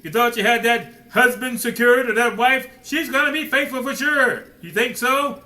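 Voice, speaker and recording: A man's voice: very high voice, moderate pace, sharp tone, poor audio. A man preaching a sermon emphatically, firing rhetorical questions and addressing listeners directly as man and son.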